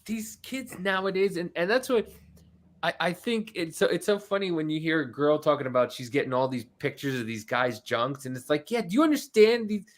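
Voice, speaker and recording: A man's voice: on the high side, brisk. A man co-hosting a casual podcast, telling stories and acting out quotes in other people's voices. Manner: animated storyteller, puts on voices when quoting others. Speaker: podcast co-host. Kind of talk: casual chat.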